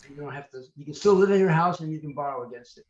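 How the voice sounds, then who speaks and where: An older man talks as an interview guest, spinning anecdote after anecdote with a fairly high voice. His audio sounds roomy and dull, with echo around him. He trails off and starts over mid-thought. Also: rapid-fire. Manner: animated, anecdotal, trails off and restarts. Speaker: author and analyst guest. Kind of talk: storytelling interview answers.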